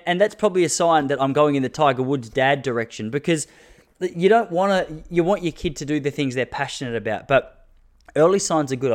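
An Australian man in his thirties hosts his own podcast alone. He talks casually and rambles from story to story. He jokes a lot and slips into mock rants. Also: mid-range voice. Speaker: podcast host. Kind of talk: casual solo podcast chat.

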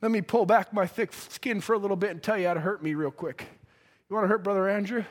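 A man preaching a fervent sermon in a church, his impassioned delivery swelling into shouts. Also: high-pitched, fast. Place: church sanctuary.

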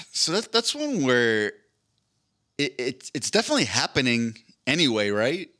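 Podcast host, male, loose rambling joker who swears freely; bright, forceful voice. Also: mid-range voice, big pitch swings, a little slow. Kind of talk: casual chat.

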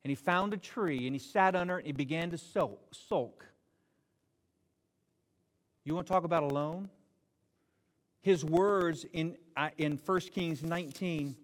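Guy preaching, high voice, jokey storytelling, echoey church hall. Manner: animated storytelling with jokes and retold dialogue. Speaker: pastor. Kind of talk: sermon. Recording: long hall reverb.

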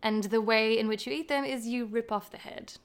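A woman's voice: on the high side, fairly even intonation, brisk, a little hiss or hum. A woman with an Australian accent, a podcast guest chatting casually and telling stories with easy laughter. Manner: chatty, laughs easily, storytelling. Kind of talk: casual chat.

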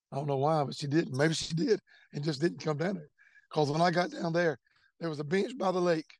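Telling the story of his faith, a middle-aged man speaks earnestly and repeats words along the way. His voice sits on the high side with a darkish tone, and there's no room sound.

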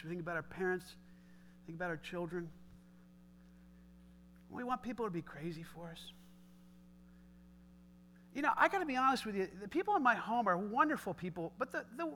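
A man preaches with an animated energy and talks straight to his congregation. His voice is unusually high for a man. The tone is bright and ringing. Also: slight background noise. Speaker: pastor. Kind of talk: sermon.

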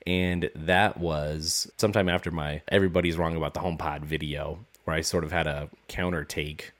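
A man with a cold and a sick-sounding voice, hosting a casual solo podcast in a relaxed, rambling way. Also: sits low. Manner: relaxed, rambling, with fillers and restarts. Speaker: podcast host.

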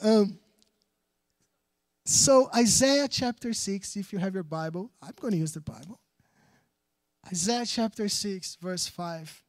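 A man's voice: high voice, lively intonation, takes it slowly, long pauses, dry recording. A man from Brazil, preaching a sermon earnestly, often restarting phrases and checking in with the congregation. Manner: earnest, with frequent restarts and "right?" asides.

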